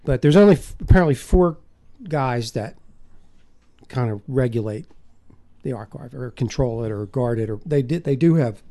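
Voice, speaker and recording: A man with a mid-range, warm and mellow voice co-hosting a podcast. He speaks haltingly, often restarting his sentences as he thinks. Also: mid-range voice, lively intonation. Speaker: podcast co-host. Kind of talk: casual podcast chat.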